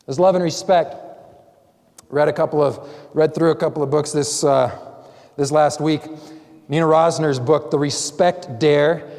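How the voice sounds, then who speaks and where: Male pastor, slightly high voice, chatty sermon delivery, long church reverb. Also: fairly even intonation, measured pace, long pauses, darkish tone. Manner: conversational preaching with acted-out quotes. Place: church sanctuary.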